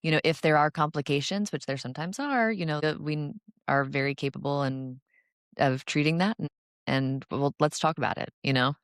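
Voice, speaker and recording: A woman's voice: deep voice, fairly quick, no room sound, studio quality. A woman co-hosting a casual professional podcast chat as an oral surgeon, talking freely and acting out quotes from patients and colleagues.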